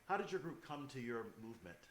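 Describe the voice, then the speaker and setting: A man's voice: medium pitch, sing-song, fast talker, a bit bright, reverberant. A man hosting a conversation with young choir singers over a video call, with thoughtful, precise phrasing. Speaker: host, associate artistic director of a choir. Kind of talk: interviewing guests on a video call.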